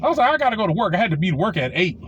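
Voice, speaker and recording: A man in his forties tells a raunchy personal story in a loose, profane storytime style, his talk full of fillers and restarts. His voice sits high for a man and swings widely in pitch as he gets animated. A faint hiss of noise runs underneath. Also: racing, dull audio. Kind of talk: casual storytime monologue.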